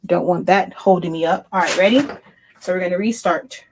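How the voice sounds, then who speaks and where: A middle-aged woman who owns a small printing business chats casually while she works through a live craft demo. She thinks out loud and corrects herself mid-sentence. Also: lowish voice, fairly even intonation, brisk, noisy background. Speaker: small business owner demonstrating sublimation printing.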